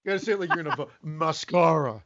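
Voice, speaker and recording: A man co-hosting a podcast, teasing the others and laughing loudly. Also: high-pitched, rapid-fire, muffled recording, a crowd in the background. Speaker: podcast co-host. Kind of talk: crude casual banter.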